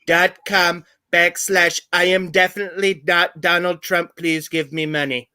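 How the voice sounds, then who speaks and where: A man's voice: sits high, flat delivery, a little slow, crowd noise. A man doing a comic impression of a blustering, self-pitying former president, with pompous, grandiose speechmaking. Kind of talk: sketch comedy impression.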